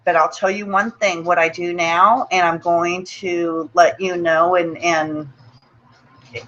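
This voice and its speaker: A woman's voice: fairly low pitch, fairly even intonation, slow pace, a bit bright, highs cut off, a little hiss or hum. A woman hosting a motivational webinar, talking in an earnest, personal way, often repeating words and checking in with "okay?". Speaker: webinar host.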